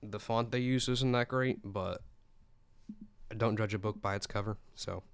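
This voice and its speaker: A teenage podcast host from South Carolina rambles happily through a music roundup. His voice is low and smooth with little pitch movement. The sound is dry and close. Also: steady tone, a little slow, dry recording. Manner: chatty, rambling, enthusiastic.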